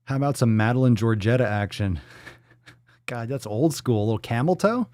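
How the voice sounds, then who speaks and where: A man with a mid-range, slightly mellow voice hosts a livestream, reading out viewer donations and messages at a normal speed with lively intonation. His chat is casual and profane, full of off-the-cuff jokes and riffs. The recording is dry and clean, with studio sound.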